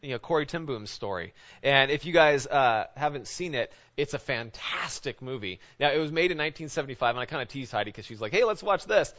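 Male pastor, conversational sermon, informal and halting, mid pitch, muffled lo-fi recording. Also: expressive, fairly bright tone. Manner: informal, halting, often asks "right?". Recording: dull lo-fi recording.

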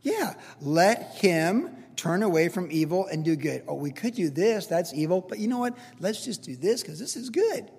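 A man preaching a conversational sermon as pastor, energetic and repetitive, talking straight to his congregation. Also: high voice, normal speed, creaky, hardly any pauses, breathy edge. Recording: long hall reverb.

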